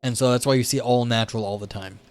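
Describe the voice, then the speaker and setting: A man's voice: mid-range voice, fairly even intonation, fast talker. A man hosting a livestream, reading a philosophy paper aloud and then explaining it in loose, chatty asides to his viewers. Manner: chats with live viewers between passages. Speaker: livestream host.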